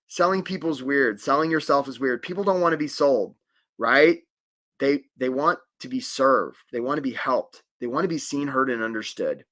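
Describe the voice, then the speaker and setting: Middle-aged guy running a career webinar, chatty, keeps asking "right?", voice on the higher side. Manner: animated, conversational, many "right?" tags. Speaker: career coach. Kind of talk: live webinar teaching.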